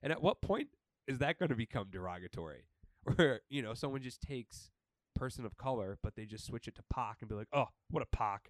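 A man's voice: mid-range voice, animated, a little fast, dry recording. Crude, laughing young man. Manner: crude, joking, laughs often. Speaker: podcast co-host. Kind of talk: casual chat.

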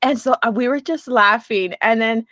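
A woman's voice: on the high side, normal speed, fairly bright tone, no room sound. A young woman co-hosting a podcast, chatting casually and telling a rambling story while laughing easily. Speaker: podcast co-host. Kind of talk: casual chat.

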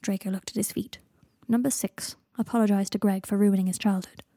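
A woman reading fan fiction aloud in a hushed narration. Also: medium pitch, steady tone, brisk, no room sound, clean studio sound. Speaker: reader.

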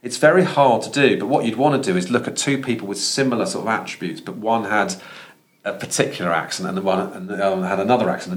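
A man from London with a Thames Estuary accent, a professor speaking as a guest on a podcast, earnest and thinking aloud with frequent restarts. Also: on the low side. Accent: Thames Estuary English. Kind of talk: conversational podcast interview.

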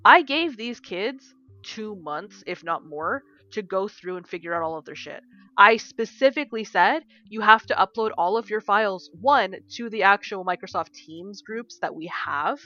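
A woman co-hosting a podcast, telling a story in casual chat, animated and swearing freely as she acts out bits of dialogue. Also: mid-range voice, normal speed. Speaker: podcast co-host and game design teacher. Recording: dull lo-fi sound.

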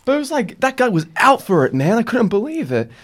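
A man's voice: extremely high pitch, sing-song, fairly quick. A young man, telling a story in a rambling casual podcast chat. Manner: rambling, lots of "like", laughs while telling. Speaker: podcast host.

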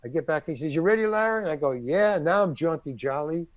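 Older man telling an animated story. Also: a little high, brisk, dry recording. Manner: animated anecdote-telling, acting out quoted voices. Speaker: interview guest, character actor. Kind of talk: casual storytelling.

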